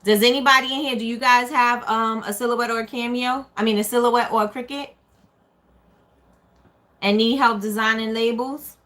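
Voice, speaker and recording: A woman's voice: on the high side, fairly even intonation, normal speed, a bit bright. A woman hosting a casual live stream, chatting and answering viewer comments as they come in. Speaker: small business owner hosting a live stream.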